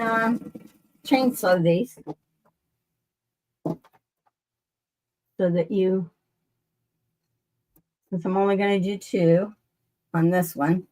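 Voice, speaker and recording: She's a quilting livestream host with a low-leaning, darkish voice, demonstrating casually from her sewing room. Her talk rambles and restarts as she says hello to viewers by name.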